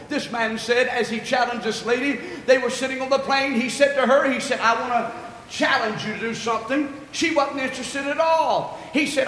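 A man's voice: extremely high pitch, sharp tone, slight background noise. A male pastor preaching a sermon, telling a story and repeating his points with emphasis. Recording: echoey hall with long reverb.

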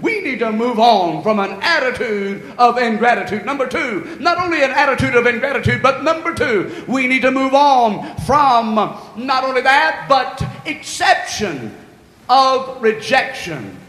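High, bright-voiced preacher in echoey hall. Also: male voice. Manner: storytelling preacher, emphatic and repetitive. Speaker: pastor. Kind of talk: sermon. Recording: echoey hall with long reverb.

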